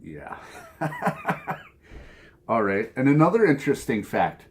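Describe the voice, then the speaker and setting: A man's voice: medium pitch, wildly swooping pitch, measured pace. A man from Minnesota with a Minnesota accent, talking casually to camera from his home music room, rambling and chuckling at his own asides. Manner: rambling, chuckles often, self-mocking asides. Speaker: vinyl collecting vlogger.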